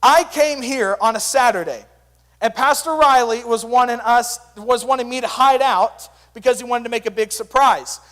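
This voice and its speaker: A young man speaking as a youth pastor, giving an energetic, joking sermon full of stories. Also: very high-pitched, moderate pace, big-room sound. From Sand Springs area, US.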